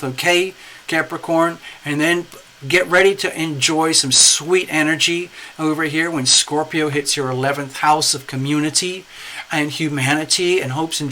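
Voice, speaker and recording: A tarot reader runs a live-streamed reading in a chatty, rambling style, greeting viewers and constantly checking in with "okay?" and "you know." His voice sits on the high side, pushed and bright, with a little hiss or hum in the recording.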